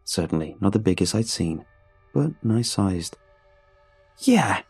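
Male narrator, measured delivery, dark and husky low voice. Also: animated, soft background music. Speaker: storyteller. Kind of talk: first-person story narration.

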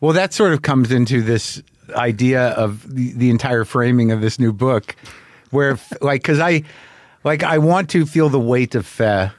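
A man's voice: medium pitch, normal speed. A man hosting a casual interview, rambling with lots of restarts and swearing. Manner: rambling, frequent restarts, profane. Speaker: podcast host.

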